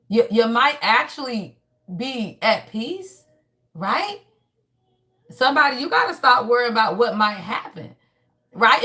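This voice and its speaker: A woman with a high, bright-pitched voice gives a loose, emphatic spiritual card reading. She talks straight at her listeners, repeating herself for emphasis, preaching and cursing without a filter. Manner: emphatic, preachy, peppers every phrase with "y'all"; blunt and swears freely. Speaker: tarot reader.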